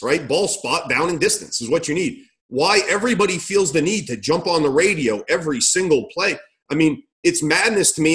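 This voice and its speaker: A man's voice: fairly high pitch, a bit bright. A middle-aged man explaining how coaches should communicate, emphatic and direct, often repeating words and asking rhetorical questions. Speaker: coaching consultant. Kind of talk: instructional talk.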